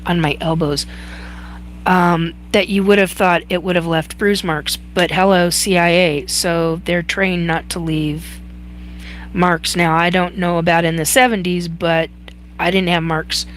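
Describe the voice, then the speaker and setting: A woman hosting a live chat, telling a personal story in a halting way with many fillers and restarts. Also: lowish voice, fairly even intonation, slight background noise. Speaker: host.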